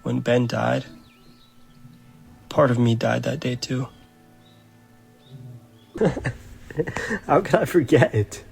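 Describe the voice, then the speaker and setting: A sorrowful young man voiced by an actor mourns in an animated short film. His voice is gravelly and low-key, heavy with regret. A music score plays clearly under him. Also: slow pace, long pauses. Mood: grieving.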